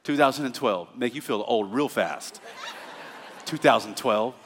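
A middle-aged male pastor preaching a sermon in a church, telling stories and building up to shouted praise. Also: medium pitch, a little slow, slight background noise. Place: church auditorium. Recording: reverberant church hall.

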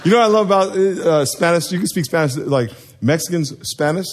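A man's voice: fairly high pitch, lively intonation, a little fast, slight background noise. A man preaching a sermon to a live congregation, joking and quizzing the people in front of him. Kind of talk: sermon with call and response.

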